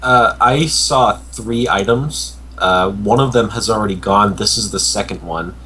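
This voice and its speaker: A man playing in a tabletop game, deliberately explaining a dice rule. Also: on the low side, sharp tone, slight background noise. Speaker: player. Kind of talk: explaining game mechanics in casual chat.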